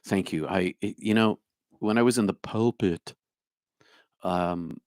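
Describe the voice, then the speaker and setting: Jersey guy going thru his livestream chat, kinda low voice, dry close sound, hums between comments. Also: a little slow, a little mellow, no room sound. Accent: New Jersey. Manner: musing, talks to viewers by name, hums to himself. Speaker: spiritual speaker reading live chat.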